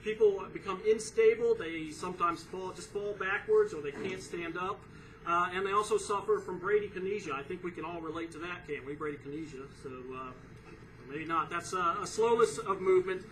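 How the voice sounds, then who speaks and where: A man opening a charity pun contest at a comedy club, explaining earnestly with many filler pauses. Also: high voice, fairly bright tone. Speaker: comedian and resident punster. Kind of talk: stand-up style introduction to a charity pun contest. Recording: distant room recording, faint noise.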